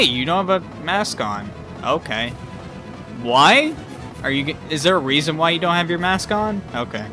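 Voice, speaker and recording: A man's voice: fairly high pitch, animated, moderate pace, pushed and bright, faint music behind. A man giving casual gameplay commentary, ranting with exasperated profanity and jokes. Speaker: let's play commentator.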